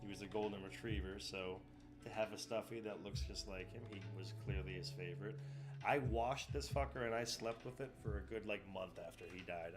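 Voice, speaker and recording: A man's voice: fairly low pitch, normal speed. Emotional swearing man, faint music. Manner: rambling, emotional, heavy swearing. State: tearful. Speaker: streamer. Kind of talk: casual chat.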